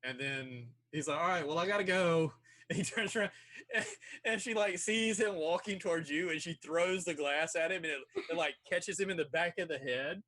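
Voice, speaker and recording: A man's voice: a little high, normal speed, bright, forceful tone. A man narrating as game master in a casual online tabletop game, with many fillers.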